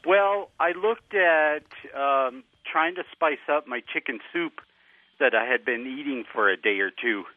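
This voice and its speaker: A man's voice: medium pitch, a little slow. A man calling in to a radio show, talking hesitantly with many fillers. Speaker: caller. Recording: tinny phone line.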